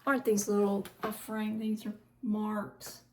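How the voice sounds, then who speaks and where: A middle-aged woman vlogs from her living room, rambling chattily and often trailing off to start over. Her mid-range voice moves little in pitch and she speaks unhurriedly over background noise.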